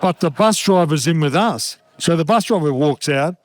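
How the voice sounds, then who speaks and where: A man's voice: on the high side, expressive, moderate pace. A middle-aged man and former rugby league captain, swearing freely and laughing as he tells casual stories at a live show in a hotel pub.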